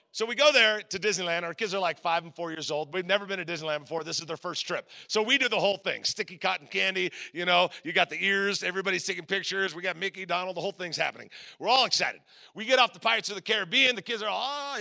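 A middle-aged man from Southern California preaching a sermon, telling a personal story with lively voices for the people in it. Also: sits high, vocal fry. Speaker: guest preacher.

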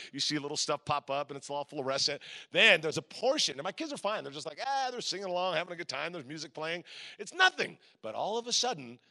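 A middle-aged man from Southern California preaching a sermon, telling a personal story with lively voices for the people in it. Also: on the high side. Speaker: guest preacher.

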